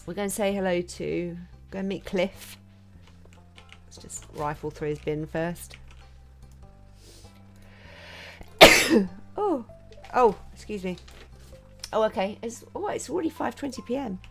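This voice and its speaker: A woman's voice: mid-range voice, lively intonation, normal speed, creaky, a little mellow, faint music behind. A woman chatting casually and laughing as she streams a cosy farming game. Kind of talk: cosy game livestream chat.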